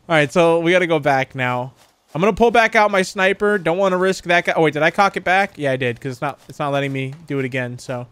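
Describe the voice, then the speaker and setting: A man's voice: a little high, a bit bright, clean tone, dry recording. A man giving chatty let's-play commentary on a horror game, laughing often and yelping when startled. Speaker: gaming YouTuber.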